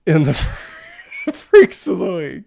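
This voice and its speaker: A podcast co-host chats casually in a fairly low, creaky, dark voice with a sing-song lilt and drawn-out words. She's giggly, laughing often mid-sentence.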